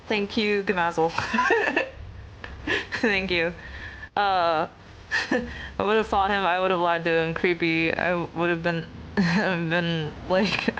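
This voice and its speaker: A young adult woman streamer telling a story in a casual, animated way, with lots of fillers, swearing and laughter. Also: on the high side, slow, long pauses, slight background noise. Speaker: VTuber streamer.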